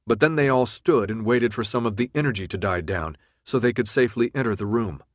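A man reading an audiobook as narrator, with steady, even-paced storytelling. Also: mid-range voice, moderate pace, no room sound, studio quality. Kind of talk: scripted narration.

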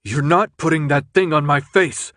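A man's voice: medium pitch, moderate pace, husky, no echo, close to an everyday voice. Dude reading a desperate defiant teen boy, raw and urgent, dry sound. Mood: shouting.

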